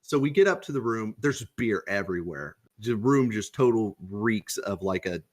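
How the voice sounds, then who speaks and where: Young man, podcast co-host, fairly low voice; loose, profane storyteller who acts out the quotes. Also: expressive, normal speed. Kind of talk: casual storytelling.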